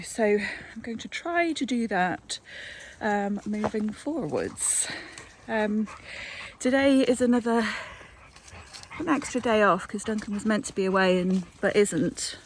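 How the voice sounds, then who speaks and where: A woman's voice: medium pitch, a little hiss or hum. A woman, chatting casually in a book vlog, rambling along with plenty of fillers. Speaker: book vlogger.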